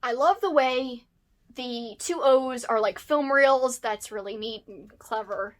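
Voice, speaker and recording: A bubbly woman vlogging from home, her voice a little high and full of excitement as she shows off new books. She keeps it casual and chatty, and often turns aside to talk to her dog. The sound comes straight from the camera's mic. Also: slow. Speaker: book vlogger. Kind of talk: casual unboxing chat to camera.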